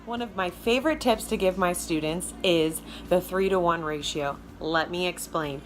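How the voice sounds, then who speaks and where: A woman vocal coach with a Southern American accent and a low alto speaking voice, giving a chatty, emphatic lesson straight to her viewers. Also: moderate pace, hardly any pauses, soft background music. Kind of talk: casual video lesson.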